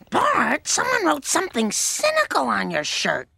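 Casting: a prim cartoon mother, high and gravelly, drawn-out earnest scolding. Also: huge pitch swings, bright, forceful tone, no room sound, exaggerated voice. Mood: fretful. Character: fussy cartoon mom, prim and gently disapproving.

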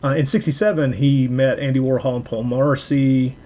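A man's voice: mid-range voice, fairly even intonation, a little fast, dark tone, a little hiss or hum. A man co-hosting a film podcast, talking casually with many fillers and restarts. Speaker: podcast co-host.

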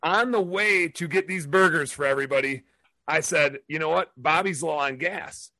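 A man co-hosting a podcast, telling his side of a story in a defensive, deliberate way. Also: a little high, pushed and bright, no echo. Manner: defensive, slow and deliberate, with restarts. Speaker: podcast co-host.

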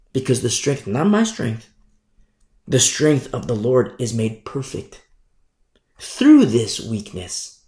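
A man's voice: medium pitch, sing-song, takes it slowly, a little mellow, reverberant. A man preaching a sermon in an emphatic way, repeating scripture lines for stress.

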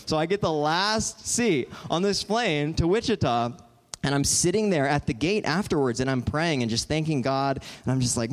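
A man in his twenties giving an animated, joking storytelling talk to an audience in a large auditorium. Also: fairly high pitch. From Southern California. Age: 20s. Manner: animated, joking, quick asides. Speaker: guest speaker.

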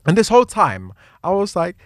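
A young man with a British accent telling a story in a casual chat, animated and laughing often as he acts out other people's voices. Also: high voice, a little fast, dry recording, studio quality. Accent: British English.

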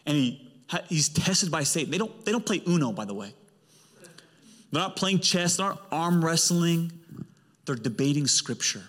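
A male pastor preaching a sermon with emphatic delivery and big swings in pitch. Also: expressive, normal speed, fairly bright tone. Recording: long hall reverb.

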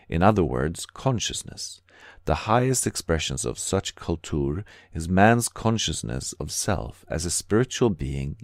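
A dreamy young poet muses on spiritual rebirth in an audiobook reading, voiced by a man. The delivery is lofty and reflective, low-pitched and dry. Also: a little mellow, no echo. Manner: thoughtful, lofty.

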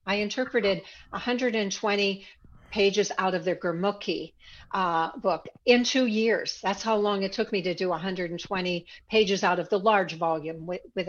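In an interview, a woman guest shares a personal story, reflective at first and growing animated as she recalls past conversations. Her voice is mid-range and the sound is lo-fi.

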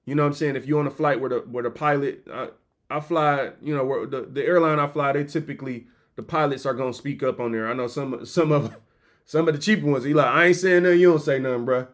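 A man hosting a podcast, telling stories in an animated, joking, slangy way. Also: medium pitch, quick pace. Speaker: podcast host. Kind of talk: comedic motivational storytelling.

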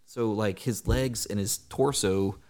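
A man, co-hosting a casual hobby podcast and telling stories with lively acted-out quotes. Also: on the low side, slow pace. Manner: animated storyteller, acts out quotes loudly. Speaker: podcast co-host. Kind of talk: casual chat.

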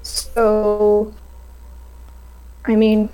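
A woman's voice: mid-range voice, monotone, very slow, dark tone, clear, resonant tone, rough recording. A woman playing in a tabletop game, casual, playful and scheming. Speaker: player.

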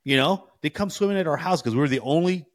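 A man in his forties from California, co-hosting a casual chat. He tells stories in a slangy, animated way, full of "bro" and "you know". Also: a little high, fast. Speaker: podcast co-host.

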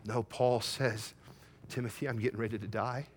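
A middle-aged male pastor preaching a sermon, swelling to loud emphatic peaks and telling a folksy story about his son. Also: medium pitch, steady tone, moderate pace, slight background noise.

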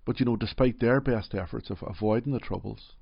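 A middle-aged man from Northern Ireland with a Derry accent, telling his life story gently and reflectively in an interview, often saying "you know". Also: on the low side, a little fast, vocal fry, slightly rough, dry recording, muffled recording. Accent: Derry, Northern Irish. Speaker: interview guest.

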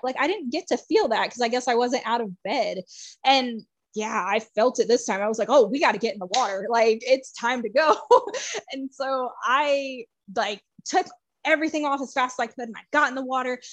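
Woman, podcast guest, casual storyteller, slightly high voice, dry close sound, emotional and laugh-prone. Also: moderate pace, no room sound. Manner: chatty, many "like" fillers, laughs often; emotional, swings between excited and hushed.

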